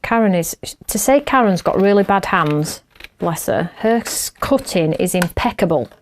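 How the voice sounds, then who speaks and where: A woman's voice: fairly low pitch, animated, normal speed. A middle-aged woman, chatting and laughing as she hosts a craft show while she works. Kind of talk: casual chat while crafting.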